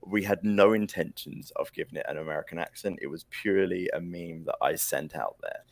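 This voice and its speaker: A British man, a guest on a podcast, explaining his team's plans in a measured, casual way. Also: sits low, creaky, dry recording. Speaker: mod team lead, podcast guest.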